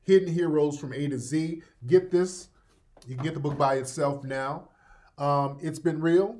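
A male live talk show host with a fairly high voice keeps a measured pace while he laughs at and mocks what he's discussing. He then switches to reading product plugs with animated energy.

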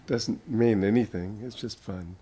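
Slow chuckling older American man. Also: on the low side, dark tone, husky. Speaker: spiritual teacher. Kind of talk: informal talk with audience questions.

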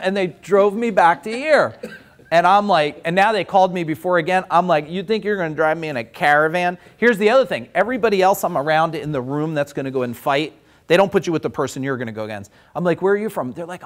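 A man with a slightly higher voice leads a workshop in an animated, chatty way. He tells stories and acts out the voices of the people in them. His style is that of a business owner coaching his audience. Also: brisk. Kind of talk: storytelling in a workshop.

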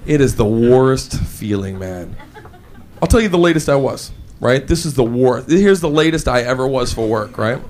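A man doing animated stand-up comedy, shouting and switching between voices. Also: mid-range voice, normal speed, a little hiss or hum. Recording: live club with audience laughter.

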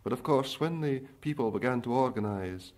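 A Scottish man in his thirties, a folk singer giving thoughtful spoken commentary between songs, pausing often with filler sounds. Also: medium pitch, expressive, a little mellow. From Scotland. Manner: thoughtful, hesitant, with frequent pauses and filler sounds. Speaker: folk singer and song collector.

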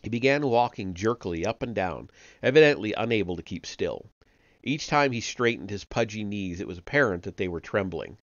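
A man reading a novel aloud live, measured, with occasional slips and self-corrections. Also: on the low side, animated, no echo, dull audio. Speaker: reader of an online book series.

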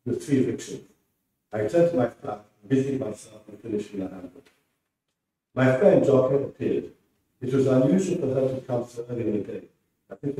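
A man reads his own prose aloud in a steady, measured way. His voice is mellow and far from the mic, filling an echoey hall. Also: mid-range voice. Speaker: writer reading his work. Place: presentation room.

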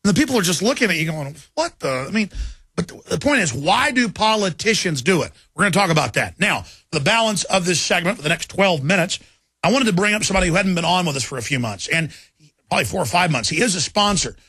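Raspy, gravelly-voiced ranting radio host man. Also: sits high, animated, quick pace, sharp tone, dry recording. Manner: emphatic, repetitive, ranting. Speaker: radio talk show host. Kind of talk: ranting talk radio monologue.

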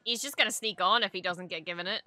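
A young adult woman giving casual reaction commentary at her home streaming desk, excitable and gushing, swearing freely. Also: medium pitch, quick pace.

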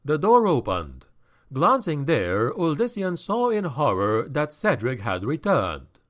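A man narrating a dark fantasy novel in a slow, dramatic and expressive audiobook reading. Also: on the high side.

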